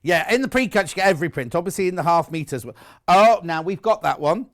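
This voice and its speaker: A man's voice: sits high, animated, fast. A British man presenting live on a shopping channel, chatty and gushing as he shows off fabrics. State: out of breath. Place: TV studio.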